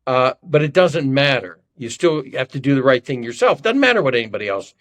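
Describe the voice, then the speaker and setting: A man's voice: mid-range voice, very animated, brisk. An older man from Ohio, a podcast guest telling self-deprecating, rambling stories in casual conversation. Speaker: podcast guest, former congressman. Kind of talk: conversational storytelling.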